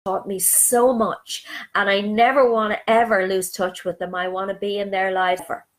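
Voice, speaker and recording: Chatty, soothing woman on a live stream. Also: medium pitch. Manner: chatty and affectionate, greets viewers by name and reads their comments aloud; soothing and reassuring, drops to soft near-whispers. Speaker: spiritual speaker on a live stream. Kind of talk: casual live-stream talk to viewers.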